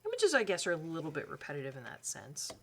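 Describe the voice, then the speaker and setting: A woman's voice: low-pitched, huge pitch swings, fast, fairly bright tone. A woman hosting a colouring channel, chatting as she flips through a book, rambling and correcting herself with lots of fillers. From Canada.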